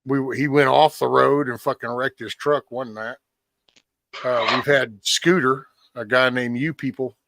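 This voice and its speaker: A man hosting a live stream tells stories in casual chat, acting out quotes and swearing freely. His voice is medium-pitched, unhurried and creaky, with no echo in the recording.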